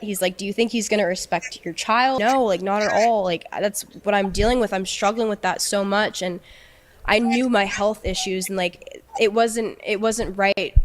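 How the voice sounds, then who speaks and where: A young woman recounts a painful personal story in a halting way. She stumbles and repeats her words as she restarts her thoughts, at an ordinary pitch for a woman. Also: a little hiss or hum. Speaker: guest telling her story.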